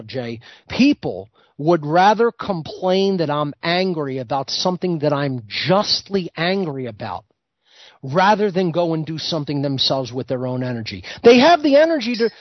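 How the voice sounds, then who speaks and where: A man's voice: fairly high pitch, no echo. A man hosting a talk show, delivering a heated, lecturing monologue. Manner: vehement, lecturing. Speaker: host. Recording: dull lo-fi recording.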